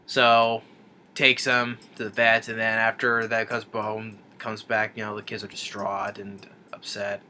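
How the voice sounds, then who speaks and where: Bright-voiced man recapping a film. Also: lowish voice, monotone, measured pace, slight background noise. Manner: rambling, with frequent restarts and chuckles. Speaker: film reviewer. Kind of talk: casual plot recap.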